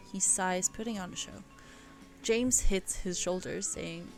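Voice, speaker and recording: Slow, giggly woman reading her story. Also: on the low side, steady tone, faint music behind. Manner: laughs and breaks off to comment. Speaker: reader of her own story. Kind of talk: casual live reading of a story.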